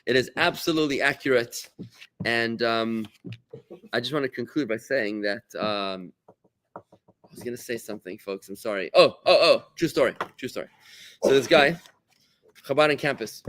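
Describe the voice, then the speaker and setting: A man, a rabbi, giving a lively talk to his congregation and trading remarks with them, with sudden exclamations. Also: normal speed, long pauses, slight background noise. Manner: animated, with big pitch jumps and exclamations.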